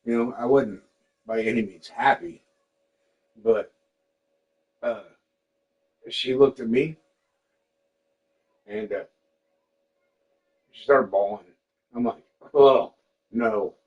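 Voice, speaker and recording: A man's voice: mid-range voice, slow, long pauses, dull audio. Profane, candid man telling stories casually. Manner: candid and profane, quotes people in lively voices. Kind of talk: casual storytelling chat.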